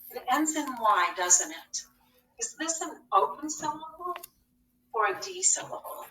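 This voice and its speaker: A woman's voice: high-pitched, big pitch swings, a little slow, sharp tone, distant mic, a little hiss or hum. A woman teaching a phonics lesson to young children. She speaks patiently, asking questions and answering them herself. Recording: echoey classroom, voice from off the mic.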